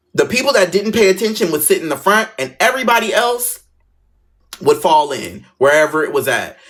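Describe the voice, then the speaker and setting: Animated man telling a story. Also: a little high. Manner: animated, swearing, dramatic. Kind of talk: casual storytelling.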